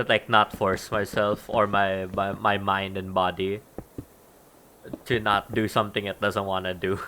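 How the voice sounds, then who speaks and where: Fairly low and pushed, with a bright edge and a faint hiss or hum, this man's voice carries a casual game stream. He chats as he plays, thinking aloud about what he's building and poking fun at himself.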